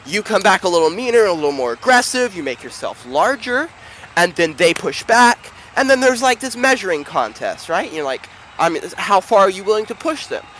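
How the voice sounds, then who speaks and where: Animated game master, rambly and filler-heavy, high lively voice. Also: male voice, a little fast, slight background noise, low-quality recording. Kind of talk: narrating a tabletop game.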